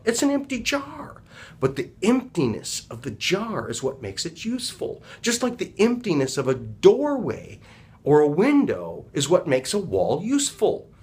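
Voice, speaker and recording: Animated man retelling a story. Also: a little high, moderate pace. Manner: rambling, reflective, animated retelling. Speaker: healing practitioner and speaker. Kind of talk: casual storytelling talk.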